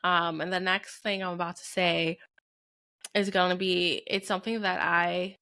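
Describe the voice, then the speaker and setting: A young adult woman, a mother who co-hosts a podcast, speaks candidly and from the heart in casual chat, using "like" heavily as filler. Her voice is on the low side and sharp, with a level tone at normal speed.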